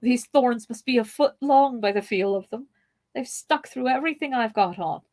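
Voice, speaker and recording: A woman's voice: on the high side, normal speed, a little mellow, pitched above the performer's own voice, close to an everyday voice. A woman reading as a plucky rustic hobbit. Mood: grumbling. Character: loyal rustic male hobbit servant, plucky.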